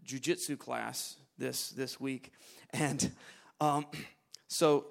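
A man preaching a sermon, moving between quiet, low asides and loud, emphatic declarations, often repeating and restarting his phrases. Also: fairly even intonation, extremely slow, gravelly.

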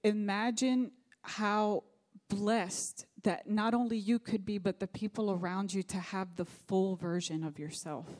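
A woman's voice: mid-range voice, steady tone, measured pace, darkish tone. A middle-aged woman pastor preaching a sermon, telling a personal story in an earnest, faith-focused way.

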